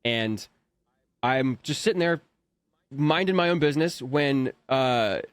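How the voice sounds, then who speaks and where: Man, 30s, voice actor telling an animated story, dry studio sound. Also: medium pitch, takes it slowly, clean tone, dry recording. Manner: animated storyteller, acts out his own panicked thoughts. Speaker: voice actor guest. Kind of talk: casual anecdote telling.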